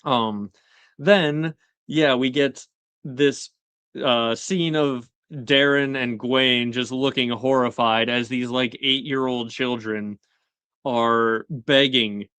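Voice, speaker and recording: A man casually recapping a TV episode for his show, chatty with lots of fillers and quick paraphrased quotes. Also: medium pitch, steady tone, fairly bright tone, clean tone, no room sound. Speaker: show host.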